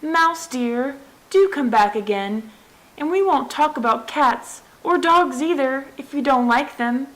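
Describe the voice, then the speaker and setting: A woman's voice: sits high, lively intonation, a little slow, voice pushed up, rough recording. A woman reading a storybook aloud, voicing a polite, eager young girl who chatters on. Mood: coaxing. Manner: eager, well-mannered chatter.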